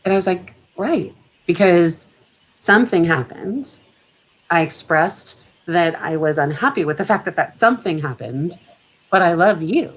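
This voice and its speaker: A middle-aged woman is a guest on a casual video call, and her voice sits a little low. She talks in a reflective, chatty way and laughs readily between thoughts. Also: expressive, measured pace, slightly rough, low-quality recording. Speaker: guest photographer. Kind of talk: casual chat.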